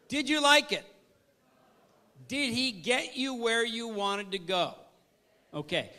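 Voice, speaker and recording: A man with a high voice gives an energetic training talk on service, keeping it interactive by frequently asking his audience questions.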